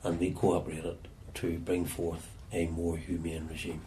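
A Northern Irish man telling stories from his past in an interview, often halting and repeating words as he searches for them. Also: low voice, level tone, dark tone, slight background noise. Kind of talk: reflective storytelling.

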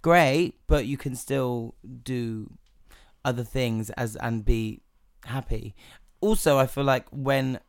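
A man's voice: medium pitch, slow pace, clear, resonant tone, dry recording, clean studio sound. Playful, swearing man in casual chat. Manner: playful, swears, calls the other host babes. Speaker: podcast co-host.

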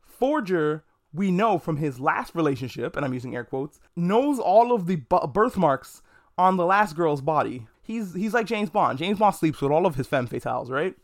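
A man's voice: fairly high pitch, very animated, normal speed. A man hosting a casual anime review podcast alone. He talks frankly and jokes, with a lot of swearing. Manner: frank, profane, joking. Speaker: podcast host. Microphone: podcast mic.

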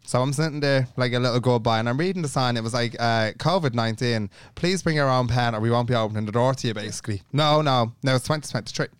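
A man's voice: medium pitch, quick pace, few pauses, clear, resonant tone, no room sound. A young Irish man co-hosting a podcast, telling a long story in casual chat, acting out the people in it and swearing freely. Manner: animated, acts out every voice in his story, swears freely. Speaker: podcast co-host.

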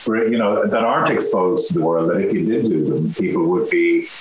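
Deep-voiced Irish man, echoey room. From Ireland. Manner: halting, full of restarts and fillers. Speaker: actor, interview guest. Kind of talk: casual interview chat. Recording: roomy echo with faint hiss.

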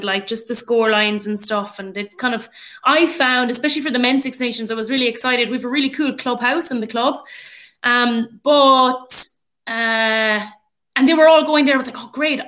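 A woman's voice: fairly high pitch, pushed and bright. A woman with an Irish accent, a rugby player and coach, chatting casually as a podcast guest with many fillers. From Ireland.

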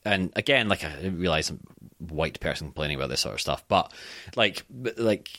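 A man's voice: sits low, lively intonation, brisk, bright, forceful tone, no echo. A young Scottish man chatting casually as a podcast guest, rambling and self-deprecating, swearing freely. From Scotland. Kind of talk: casual chat.

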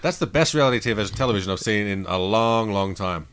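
A man's voice: lowish voice, expressive, quick pace, a bit bright, clear, resonant tone. A man chatting casually as a podcast co-host, laid-back, swearing freely and laughing at his own stories. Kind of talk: casual chat.

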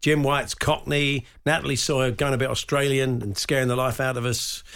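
A man co-hosting a radio sports talk show, bantering and teasing in a quick, jokey way. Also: mid-range voice, little pitch movement, creaky, fairly bright tone.

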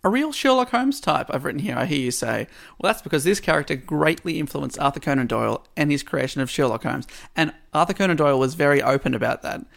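A man's voice: medium pitch, fast, vocal fry. A man co-hosting a casual podcast, retelling a classic story with wry asides and frequent laughter. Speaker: podcast co-host.

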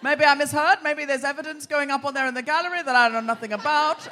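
On a theatre stage before a live audience, an Australian woman hosts a live comedy podcast in a high-pitched, sharp voice with a steady tone and quick pace. She talks in exclamations, repeats phrases and laughs as she goes, with slight background noise.

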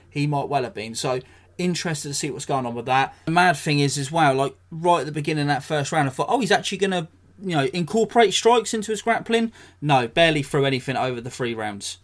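An English man hosting a solo podcast, talking blunt and sweary, ranting with dry jokes. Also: medium pitch. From England. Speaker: podcast host.

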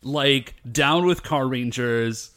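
A man co-hosting a casual chat, excitedly retelling an episode and acting out the characters' lines. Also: mid-range voice, takes it slowly. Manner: animated, acts out characters' lines while retelling. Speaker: podcast co-host. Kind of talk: casual chat recapping a show.

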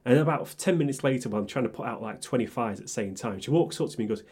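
A man's voice: medium pitch, very fast, few pauses, slightly rough. A young man, co-hosting a podcast and telling workplace stories with lots of swearing and acted-out quotes. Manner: animated, swears freely, acts out quotes. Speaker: podcast co-host. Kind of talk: casual storytelling chat.

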